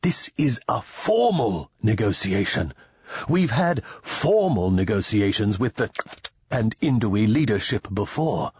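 A man's voice: on the low side, expressive, measured pace, darkish tone, slightly rough, dry recording, dull audio, heavily acted. A man voicing an anxious male diplomat in an audiobook, speaking shakily and lecturing in a tense, raised voice. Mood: panicked.

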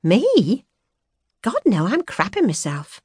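A woman's voice: medium pitch, wildly swooping pitch, takes it slowly, darkish tone, husky, no room sound, pitched above the performer's own voice, full character voice. A woman narrator voicing a posh young man, offhand and flippant, in an audiobook. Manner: offhand, drawling. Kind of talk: audiobook character voice. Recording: dry studio recording.

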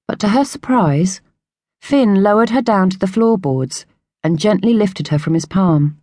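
A woman narrating a children's audiobook in a clear, measured storytelling manner. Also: fairly low pitch, expressive, a little mellow, no echo, studio quality. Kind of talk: scripted narration.

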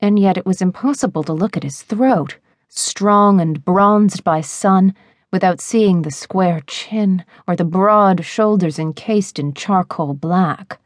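Low, dry-voiced woman narrating romance. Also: slow, dry recording. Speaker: audiobook narrator.

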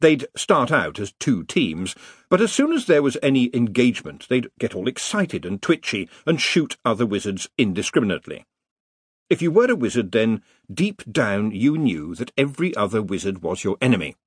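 A man's voice: fairly low pitch, big pitch swings, normal speed, breathy edge, no echo. A man narrating an audiobook in a wry, dry comic storytelling manner. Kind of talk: scripted narration.

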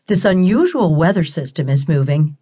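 A woman narrator voicing a radio news announcer reading bulletins in an even, formal manner. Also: deep voice, normal speed, breathy edge. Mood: newsreader formal. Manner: even, formal newsreader delivery.

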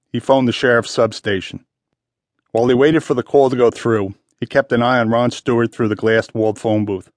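A man with a medium-pitched voice reads a detective novel aloud in measured, even scripted narration. The recording is dry and close, with no room sound. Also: dry recording. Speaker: audiobook narrator.

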